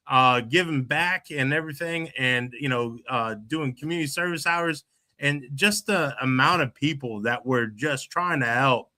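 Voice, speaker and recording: A man's voice: mid-range voice, normal speed, sharp tone. A middle-aged man, hosting a casual podcast chat and rambling with many restarts and fillers. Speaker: podcast host.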